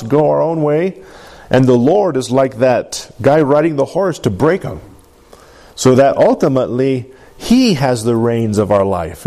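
A man leads an interactive Bible lesson. His voice is mellow and relaxed, at a middle pitch, and he keeps asking the group questions and checking in with "right?". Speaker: Bible study teacher.

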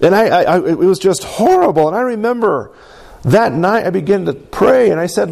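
A man with a gravelly, slightly raised voice preaches a sermon. He tells his story earnestly and keeps checking in with the congregation. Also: sits high, big pitch swings, normal speed, a little mellow. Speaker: pastor.

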